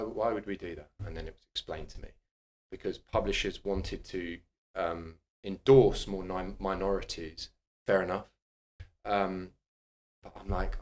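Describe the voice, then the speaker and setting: A middle-aged man talks in a fairly low voice. He tells candid, animated stories and swears bluntly, like a guest in casual conversation. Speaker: guest, personal trainer and author.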